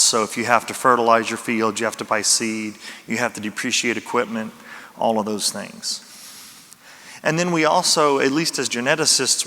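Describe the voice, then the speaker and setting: A man's voice: medium pitch, bright, forceful tone. A man with a Louisiana accent giving a conference talk, folksy and self-deprecating. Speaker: conference speaker. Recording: reverberant hall.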